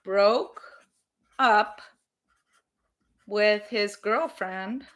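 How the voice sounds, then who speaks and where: A woman teaching English in a live online lesson, explaining phrasal verbs slowly and carefully and encouraging her students. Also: mid-range voice, a bit bright.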